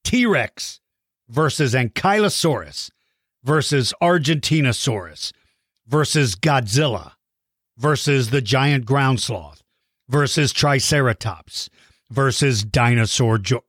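A man's voice: medium pitch, expressive, takes it slowly, fairly bright tone, breathy edge, no room sound, clean studio sound. A man hosting a podcast in casual chat, answering children's questions in a friendly way and stumbling over hard names.

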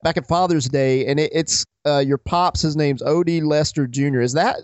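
A man's voice: fairly high pitch, moderate pace, no room sound. A man hosting a podcast interview, asking eager, thought-out follow-up questions. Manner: eager, thinks aloud with small restarts. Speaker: podcast host. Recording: dry, dull lo-fi audio.

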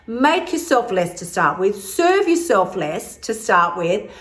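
A woman's voice: medium pitch, slow. Blunt, cheeky woman podcast host. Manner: energetic, blunt, cheeky, swears freely. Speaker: host, weight-loss coach. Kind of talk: casual podcast monologue.

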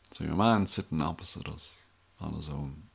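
A man's voice: very deep voice, normal speed, vocal fry, husky. A middle-aged Irish man telling a rambling, wry story in a casual monologue. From Ireland. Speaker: vlogger.

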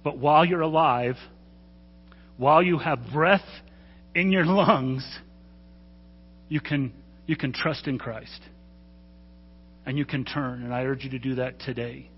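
A man's voice: medium pitch, a little slow, long pauses, a little hiss or hum. A man preaching a sermon as pastor, earnest and urging, who sometimes stumbles and corrects himself. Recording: dull sound with long hall reverb.

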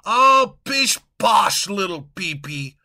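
A man puts on a bossy, blustery king in a comic audio tale, his voice pitched high above his usual speech and ringing bright. He gives orders as if every word were a royal decree, and he shouts when crossed. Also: sing-song, slow, creaky, heavily acted. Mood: boastful. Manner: blustery, commanding, prone to yelling. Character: pompous gluttonous male king, bossy.

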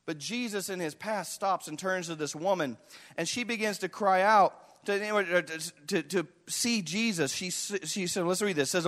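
Male preacher, very high voice, bright tone, dramatic, acts out voices, echoing hall. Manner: dramatic, acts out voices of Bible figures and the listeners. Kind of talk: sermon. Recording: echoey hall.

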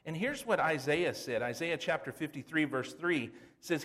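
Man preaching, pastor, middle-aged, folksy conversational sermon, higher-pitched voice. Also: animated, normal speed, hardly any pauses, a bit bright. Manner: folksy, conversational preaching with asides and rhetorical questions.

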